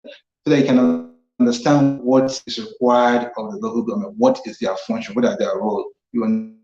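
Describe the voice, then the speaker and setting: A Nigerian man hosts a civic talk show, earnestly explaining the constitution and repeating phrases for emphasis. His medium-pitched voice is dark-toned, at normal speed with little pitch movement, over soft background music in a roomy, slightly dull recording.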